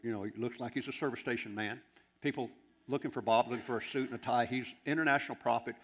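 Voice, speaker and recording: A preacher in his sixties tells sermon stories in an animated, rambling manner, often starting sentences over. His voice sits at a middling pitch with a gravelly, creaky edge. He sounds lively and informal. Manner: animated, rambling, with many restarts. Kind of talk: anecdotal sermon storytelling.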